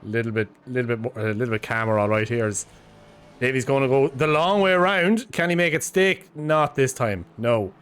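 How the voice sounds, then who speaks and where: A man's voice: mid-range voice, moderate pace, fairly bright tone, clear, resonant tone. A man co-commentating a sim race in a casual, bantering style, laughing easily.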